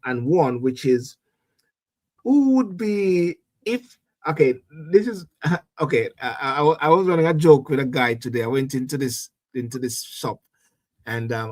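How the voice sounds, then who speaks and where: A man, a reverend, hosting a casual political chat show, talking in an animated way and often repeating words as he starts a thought. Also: mid-range voice.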